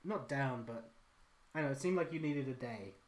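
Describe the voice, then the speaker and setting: A man hosting a drawing livestream, chatting casually with a teasing, easygoing manner. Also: medium pitch. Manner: teasing, quick to laugh. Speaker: livestream host, comic artist.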